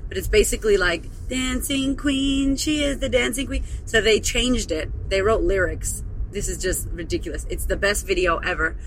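A woman's voice: on the low side, a bit bright, a little hiss or hum. A woman hosting her own podcast as a confidence coach, speaking in a gushing, emotional way with plenty of swearing. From Melbourne area. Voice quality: profane, gushing, emotional storyteller. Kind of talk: casual podcast monologue.

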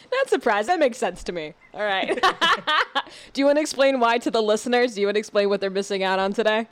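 Bubbly high-voiced woman hosting a podcast. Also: expressive, a bit bright, no echo. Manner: bubbly, upbeat, quick reactions. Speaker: podcast host. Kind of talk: casual chat.

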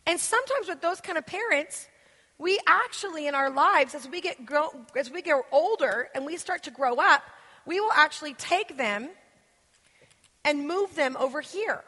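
A woman giving an interactive church teaching, animated and acting out the voices of the people she quotes. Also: high voice, long reverb tail. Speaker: guest speaker.

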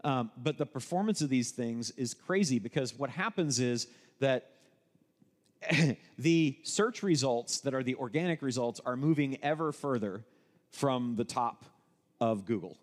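A man's voice: medium pitch, measured pace. Man presenting to a live audience, echoing hall. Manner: conversational, explanatory, with frequent restarts. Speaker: co-host presenting at a live workshop. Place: event room with an audience.

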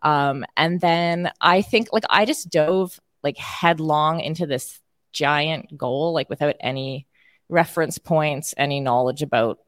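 A woman's voice: low-pitched, measured pace, no echo. Laughing Canadian woman guest, dry sound. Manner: animated, laughs often, many fillers. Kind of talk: casual interview chat.

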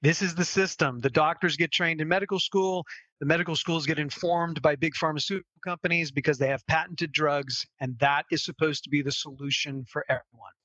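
A man's voice: a little high, steady tone, fairly quick, bright, forceful tone, no room sound, dull audio. A man speaking as a health strategist guest on a podcast, emphatic and persuasive. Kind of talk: podcast interview talk.

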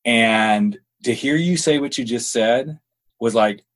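A middle-aged man hosting a podcast, chatting candidly and telling stories in a casual, expressive way. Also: mid-range voice, takes it slowly. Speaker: podcast host.

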